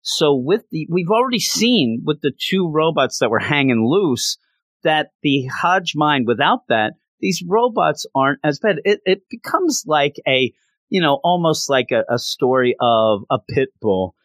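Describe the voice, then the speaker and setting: A man giving a casual recap of a story, animated and often restarting his sentences. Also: a little high, measured pace, no echo. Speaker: comic book commentator.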